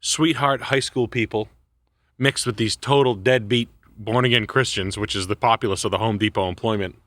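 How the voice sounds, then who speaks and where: A man co-hosting a casual podcast chat, rambling and profane, who keeps slipping into quick impressions of people he met. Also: on the low side, steady tone, fairly bright tone, no room sound. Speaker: podcast co-host.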